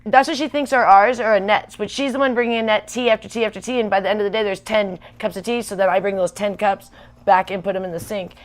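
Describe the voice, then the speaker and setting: A woman venting fast and emphatically in a casual livestream chat. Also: medium pitch, steady tone. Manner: ranting, worked up, fast and emphatic. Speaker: livestream vlogger.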